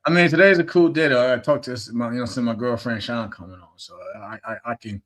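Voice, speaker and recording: A man's voice: mid-range voice, steady tone, quick pace, a bit bright. A man co-hosting a podcast, chatting casually in an easygoing way with lots of filler phrases. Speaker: podcast co-host.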